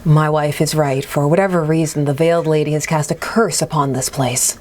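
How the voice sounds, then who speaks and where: A woman voicing a village man in a game who stays unnervingly cheery and calm as he speaks. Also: sits low, brisk, voice pushed down, natural voice. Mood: calm, placating. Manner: soft, placating, unnervingly cheery.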